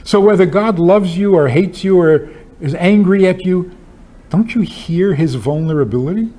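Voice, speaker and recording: A man's voice: sits high, expressive, normal speed, dark tone. A man, a rabbi, giving a talk with humorous stories and pointed rhetorical questions in an emphatic, wry manner. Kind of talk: lecture with humorous storytelling.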